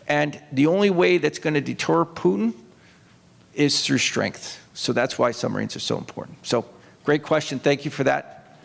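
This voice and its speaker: A man's voice: medium pitch, normal speed, gravelly. A man who is a retired Navy officer and author, telling rambling anecdotes to an audience on a stage, with restarts and quoted voices. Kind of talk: storytelling talk to an audience. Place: opera house stage. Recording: long hall reverb.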